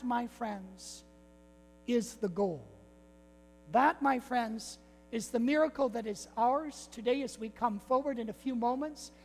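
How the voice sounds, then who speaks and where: A man, a priest, preaching a sermon with repeated rhetorical phrases and calls to "my friends". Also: extremely high pitch. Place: church. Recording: long church reverb with faint mains hum.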